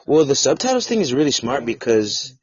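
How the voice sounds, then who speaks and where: A man's voice: mid-range voice, sing-song, fairly quick, darkish tone, breathy edge, lo-fi sound. A man hosting a podcast in casual chat over a video call, blunt, profane and joking. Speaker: podcast host.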